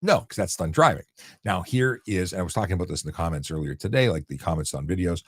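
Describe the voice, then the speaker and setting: A blunt, deep-voiced man hosts a casual live Q&A, answering viewers in a loose, conversational way full of restarts and fillers. His voice sits very low and is picked up close and dry, with no room sound around it. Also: animated, fast talker, slightly rough, no echo. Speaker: host answering viewer questions.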